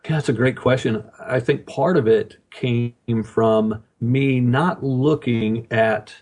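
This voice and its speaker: Husky-voiced American actor, easygoing. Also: male voice, medium pitch, steady tone, takes it slowly, a little mellow. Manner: easygoing, laughs often. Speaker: actor guest. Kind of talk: casual interview chat.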